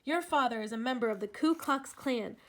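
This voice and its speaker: A woman playing a hot-tempered young girl, blunt and scornful, her voice fairly high. She snaps and accuses in a storybook reading. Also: expressive, measured pace, fairly bright tone. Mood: furious. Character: fierce, angry young Black girl.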